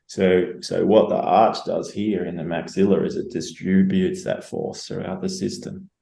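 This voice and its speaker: A man in his forties with an Australian accent, a guest osteopath explaining things in a relaxed, chatty way with frequent restarts. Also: deep voice, moderate pace, gravelly. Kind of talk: casual interview explanation. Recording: roomy echo.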